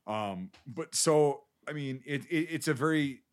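A man's voice: on the high side, animated, measured pace. A man co-hosting a podcast, rambling through a casual film discussion with lots of fillers and swearing. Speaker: podcast co-host.

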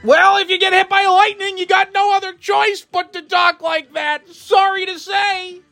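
Man doing a lightning-struck guy, high and shrill, yelling every word, strained comic podcast bit. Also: level tone, normal speed, gravelly, soft background music, exaggerated voice. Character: man stuck talking at a shout after a lightning strike.

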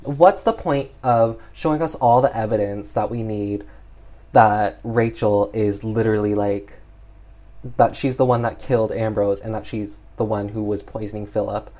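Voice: medium pitch, fairly even intonation, normal speed, warm tone. A film reviewer recapping a movie plot in casual chat, exasperated and full of "like" and "um.". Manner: chatty, exasperated, heavy use of "like".

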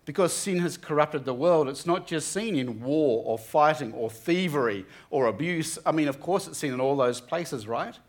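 A man's voice: a little high, expressive, normal speed, hardly any pauses. A young man giving an earnest, conversational Bible talk to students, often restarting his sentences. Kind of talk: sermon.

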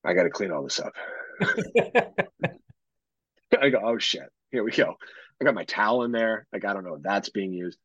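A man's voice: on the low side, normal speed, long pauses, fairly bright tone, husky, no room sound, muffled recording. A man in his thirties, a podcast co-host, telling a long story in casual profane chat full of fillers. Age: 30s.

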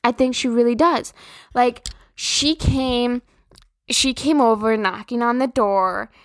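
A woman's voice: fairly high pitch, slow, no echo. Profane rambling young woman. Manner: profane, rambling, filler-heavy. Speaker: podcast host. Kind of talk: casual venting monologue.

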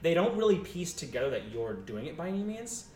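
Lively man narrating as game master. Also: fairly high pitch, a little fast. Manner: rambling, lively, restarts often. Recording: echoey room, mic far off.

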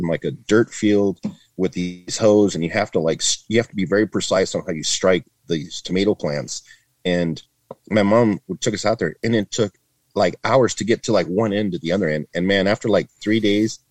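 A man's voice: sits low, a little mellow, dry recording. A man in his fifties from Northern California, a retired border agent, telling stories to a podcast host in a chatty way, full of "like" and "man", acting out the voices of people he quotes. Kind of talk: casual interview storytelling.

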